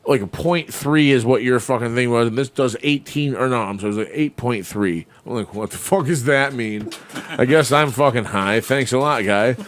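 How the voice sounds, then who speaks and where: A man's voice: medium pitch, fairly quick, few pauses. A man co-hosting a casual podcast, telling wild stories full of swearing and laughter. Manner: profane, laughing storyteller. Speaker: podcast co-host. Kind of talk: casual storytelling chat.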